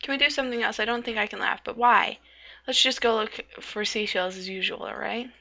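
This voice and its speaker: A woman's voice: on the high side, fairly quick, vocal fry, exaggerated voice. A woman doing a sullen withdrawn teen boy. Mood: reluctant. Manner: flat, sullen, reluctant. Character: withdrawn gloomy teenage boy. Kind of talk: amateur visual novel voice reading. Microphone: makeshift backup mic. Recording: dull lo-fi recording.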